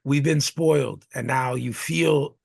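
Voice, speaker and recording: Gravelly guy co-hosting a podcast, rambly and loose, dry close mic. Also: mid-range voice, fairly even intonation, measured pace, no echo. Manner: rambling, many restarts and fillers. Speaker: podcast co-host. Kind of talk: casual chat.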